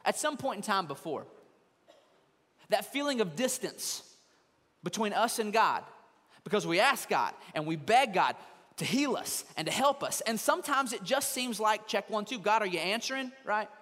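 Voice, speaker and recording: A pastor gives a conversational sermon from a church stage, mimicking the voices of churchgoers in quoted asides; the sanctuary service is also streamed online. His high, fairly bright voice is very animated and moves at a moderate pace. The recording sounds like a big room.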